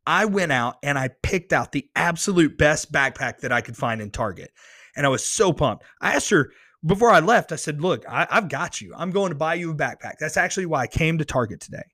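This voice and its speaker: A man telling a personal faith story to his audience into a close microphone, earnest and excitable, often restarting phrases as he gets worked up. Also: fairly high pitch, fairly quick, dry recording. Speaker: podcast host. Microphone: close studio microphone.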